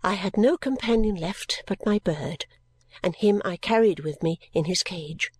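Breathy woman reading a story gently. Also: medium pitch, unhurried, no echo. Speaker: audiobook reader. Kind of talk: first-person storybook narration.

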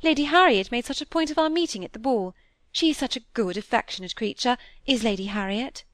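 A woman's voice: fairly high pitch, expressive, brisk, no echo, studio quality, pitched above the performer's own voice, lightly acted. A woman voicing a chattering, name-dropping genteel middle-aged lady in a storybook reading. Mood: gushing.

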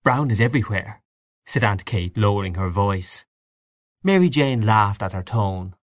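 A man with a low voice reads a classic story aloud. His delivery is measured but moves through a wide, lively range of pitch. The sound is dry and close, with no room around it. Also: no echo. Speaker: narrator. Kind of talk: scripted narration of a classic story.

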